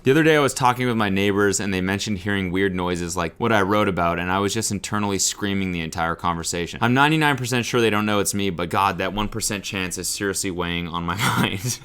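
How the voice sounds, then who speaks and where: A man's voice: low voice, fast talker, few pauses, fairly bright tone, clear, resonant tone, soft background music. A man co-hosting a comedy podcast, reading posts aloud and riffing in a laid-back, profane, joking way. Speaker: podcast co-host. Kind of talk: casual comedic reading and commentary.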